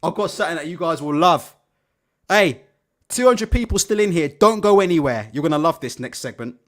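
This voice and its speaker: A man's voice: on the high side, fairly quick. A man hosting a live boxing stream, swearing and sarcastic in his commentary. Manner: profane, sarcastic, animated. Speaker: boxing show host.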